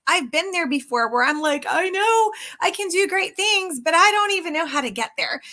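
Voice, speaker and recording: Bright, high-voiced woman sales coach. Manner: chatty, emphatic, addresses viewers as guys. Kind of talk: casual live coaching talk.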